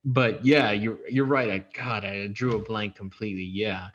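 Low-voiced man on dull lo-fi audio. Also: fairly even intonation, moderate pace, a bit bright. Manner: rambling, self-correcting, apologetic. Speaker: podcast co-host. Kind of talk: casual chat.

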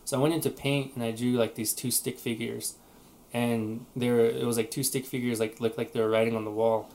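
A man's voice: medium pitch, level tone, brisk, darkish tone. A man co-hosting a casual podcast, talking in a rambling way with many restarts. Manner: rambling, frequent restarts and fillers. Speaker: podcast co-host. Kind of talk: casual chat.

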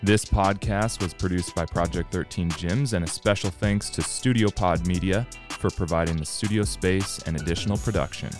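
A man co-hosting a podcast in a studio, relaxed and joking in casual chat. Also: low-pitched, moderate pace, hardly any pauses, music in the background. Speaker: podcast co-host.

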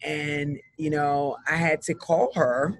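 A man's voice: fairly high pitch, steady tone, takes it slowly. A man, a business coach, telling an earnest, heartfelt story in a casual interview. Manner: earnest, heartfelt, rambling with restarts.

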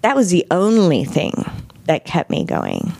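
A middle-aged woman with a fairly low, gravelly voice speaks unhurriedly as an interview guest, with no echo. She tells a personal story frankly and animatedly, acting out what people said.

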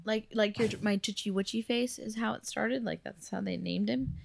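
A woman's voice: mid-range voice, normal speed, vocal fry. A woman co-hosting a podcast in casual chat, talkative and giggly, filling her sentences with "like". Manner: chatty, giggly, lots of "like". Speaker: podcast co-host.

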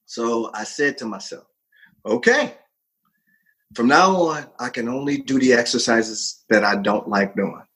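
A man in his fifties, a fitness coach, telling a personal story in a lively, casual way, jumping in pitch for emphasis and laughing often. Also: moderate pace, hardly any pauses, slightly rough, rough recording. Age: 50s. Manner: animated, swings pitch widely for emphasis; frequent laughter and profanity.

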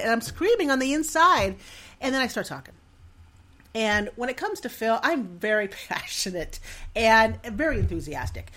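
Lively, animated middle-aged woman storyteller. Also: on the high side, normal speed. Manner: animated, self-deprecating, laughs often. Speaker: podcast host. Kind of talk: personal storytelling monologue.

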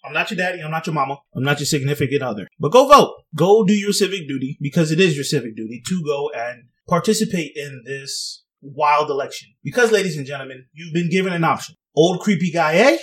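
A man's voice: a little high, lively intonation, fast talker, hardly any pauses, fairly bright tone, distant mic. A young man giving sarcastic, rambling casual commentary and laughing at his own jokes. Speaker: vlogger.

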